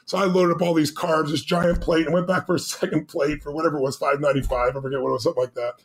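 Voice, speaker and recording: A man telling a story as a podcast guest, animated and emphatic, acting out the quotes. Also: fairly high pitch, very fast, few pauses.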